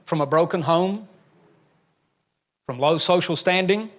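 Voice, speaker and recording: An older pastor delivers a sermon, his voice sitting a little high for a man. He preaches emphatically and drops folksy, joking asides between his points. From Alabama, USA.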